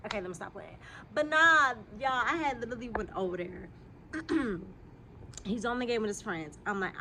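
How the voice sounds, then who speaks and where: A young woman, telling a casual storytime vlog straight to her viewers. She is a little sick and keeps clearing her throat, and her talk is animated and full of swearing. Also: medium pitch, normal speed, slight background noise. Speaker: vlogger. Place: outdoors.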